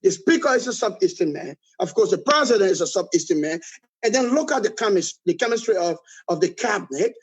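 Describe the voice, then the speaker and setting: Emphatic Liberian man, husky voice. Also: sits high, lively intonation, a little fast, low-quality recording. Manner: emphatic, repeats "all right?" often. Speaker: political guest. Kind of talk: critical political commentary.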